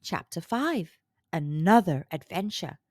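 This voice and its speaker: Slow, expressive woman reading a storybook. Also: fairly low pitch, no room sound, clean studio sound. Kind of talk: reading a children's storybook aloud.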